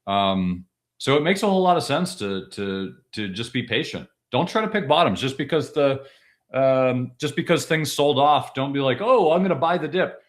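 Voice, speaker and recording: Here is a male podcast co-host in a relaxed discussion who talks with insistent emphasis. He keeps circling back to the same point and restarts sentences as he goes, while his pitch sits in an ordinary middle range. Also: moderate pace. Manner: emphatic, repeats key points, frequent restarts.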